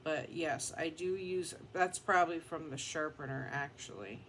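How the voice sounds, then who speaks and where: A woman's voice: low voice, moderate pace, a bit bright, a little hiss or hum. A woman beauty vlogger chatting casually and rambling in a down-to-earth way while she does her makeup at home.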